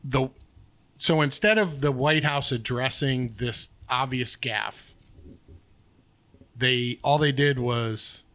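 A man's voice: mid-range voice, takes it slowly, pauses often, bright, forceful tone. A man co-hosting a podcast in rambling, sarcastic casual chat. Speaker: podcast co-host.

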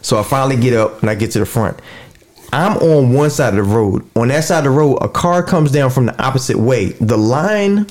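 A man co-hosting a casual podcast chat, telling an animated story and acting out what people said. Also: mid-range voice, fairly quick. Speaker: podcast co-host.

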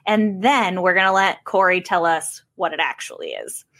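A woman's voice: fairly low pitch, animated, normal speed, fairly bright tone. A woman hosting a podcast, setting up a game and teasing her guests in casual chat. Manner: playful, teasing. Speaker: podcast host.

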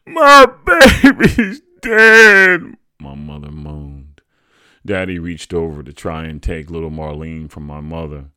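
A man hosting a podcast, reading a true family story aloud in an expressive, animated way. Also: very deep voice, moderate pace, smooth, no echo, studio quality. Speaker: podcast host and narrator.

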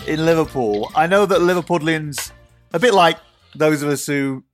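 A man's voice: on the high side, moderate pace, faint music behind. A man from Yorkshire, a podcast host, asking questions in a conversational way. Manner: inquisitive, conversational. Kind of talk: interviewing.

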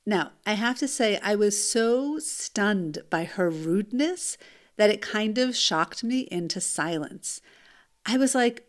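A woman, a mother, telling a first-person story in an animated, emphatic way, with rhetorical asides to the listener. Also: medium pitch, unhurried.

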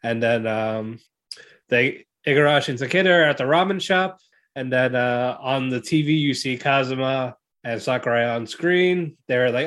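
A man co-hosting a podcast, casually recapping anime episodes in a rambling way and acting out characters' lines in quick voices. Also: medium pitch, fairly bright tone. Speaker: podcast co-host.

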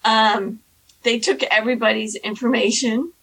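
A woman tells her stories casually and with a lot of animation, slipping into the voices of the people she quotes. Her voice sits a little high, bright and slightly husky, and it rises and falls a lot. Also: fairly even intonation, normal speed, faint music behind, poor audio. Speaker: storyteller guest. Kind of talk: casual anecdote telling.

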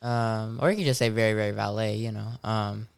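A man with a smooth, resonant voice talks games in a relaxed, casual way. He hesitates often and leans on filler words as a podcast co-host. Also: fairly low pitch, fairly quick. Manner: laid-back, hesitant, frequent ums. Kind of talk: casual chat about video games.

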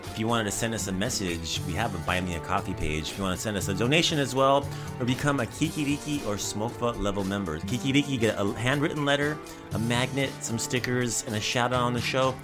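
A man's voice: medium pitch, fast, music in the background. A man hosting a language podcast, chatting casually with jokes and plugging the show. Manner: upbeat, jokey, rambling plugs. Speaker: podcast host.

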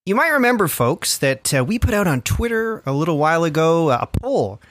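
A man's voice: a little high, brisk, no room sound. A male comedy podcast host whose voice jumps around a lot as he jokes with his guests. He swears freely and keeps the banter going. The sound is close and dry. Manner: jokey, animated, swears freely. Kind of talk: casual comedy chat.

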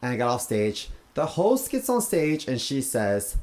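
A man's voice: medium pitch, huge pitch swings, measured pace, darkish tone. A man who works as a stand-up comedian, casually telling a blunt, profane story about a gig.

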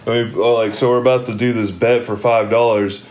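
A man's voice: mid-range voice, flat delivery, fairly quick, a little mellow. A young man telling stories in casual chat, rambling, laughing often and swearing freely. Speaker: podcast co-host.

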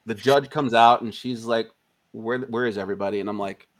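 A man with a fairly low voice talks briskly. He's an indie filmmaker in an interview, spinning a long anecdote in casual, profane language and animatedly acting out other people's lines.

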